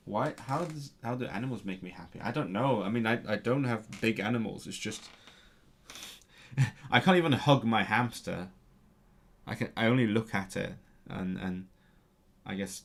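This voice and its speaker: A man in a casual online language lesson, halting and full of restarts as he searches for words, with bursts of excitement about grammar. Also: lowish voice.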